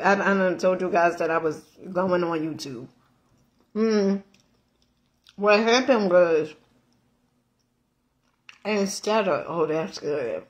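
A middle-aged woman vlogging, telling a story in a casual, animated way, laughing often, with slang and emphatic swearing. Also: medium pitch. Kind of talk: casual storytelling chat while eating.

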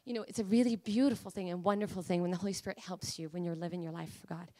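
A woman preacher delivering a sermon, emphatic and pleading, at times rising to high fervent cries. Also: steady tone, rapid-fire, mellow.

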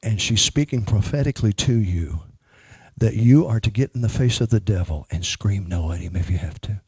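A man's voice: lowish voice, animated, normal speed, darkish tone, slightly rough, no echo. A man ministering as a prophet, speaking emphatically and praying over a woman in church. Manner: emphatic, prays over a person.

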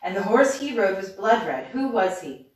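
A woman's voice: medium pitch, sing-song, normal speed, natural voice. A timid, polite young girl from a fairy tale, read by a woman, answering carefully in old-fashioned words. The sound is distant and bounces around a very echoey room. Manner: careful, quiet, archaic speech. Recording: roomy, distant mic.

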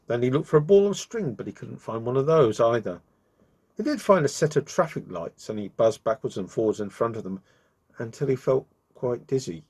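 A man hosting his own channel, reading a children's story aloud with expressive delivery. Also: mid-range voice, a little fast, husky.

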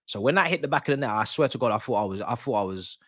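Captured in studio quality with no room sound, this young man races through his live reactions to a football watch-along. His medium-pitched voice is excitable, full of slang, swearing, and repetition.

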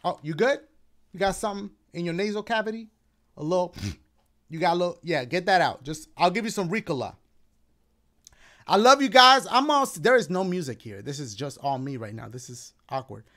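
A man's voice: fairly high pitch, expressive, fairly quick. A man in casual chat, talking to his viewers and his dog in a laid-back, rambling way with playful slang, a little out of breath. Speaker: gaming YouTuber.

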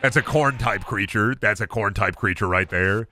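A man doing casual, profane gaming commentary, breaking into loud angry outbursts and jokey rants. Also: on the low side, normal speed, hardly any pauses. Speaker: gaming streamer.

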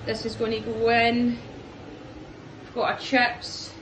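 A woman's voice: on the high side, monotone, slow pace, background noise. A young Scottish woman, a footballer, chatting casually to her phone camera and joking at her own expense. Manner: chatty, self-mocking, upbeat; whispering early in the morning. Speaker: professional footballer vlogging her day. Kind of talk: casual vlog. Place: home and training ground, indoors.

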